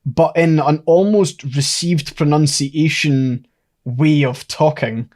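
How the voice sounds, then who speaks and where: A man's voice: fairly high pitch, steady tone, takes it slowly, a little mellow. A man co-hosting a podcast who thinks aloud and lays out his theories at length in a casual chat. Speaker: podcast co-host.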